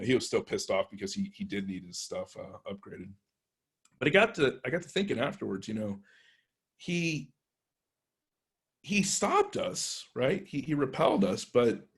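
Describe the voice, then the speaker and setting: A man's voice: mid-range voice, slightly rough. A man who works as a penetration tester, telling a story in a casual, conversational way with restarts and acted-out quotes.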